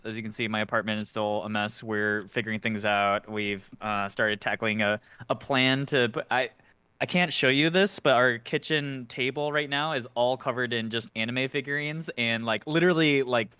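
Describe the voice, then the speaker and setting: Bright, crisp-voiced man chatting. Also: medium pitch, no echo. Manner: chatty, laughs between phrases. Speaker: group member. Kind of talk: casual check-in.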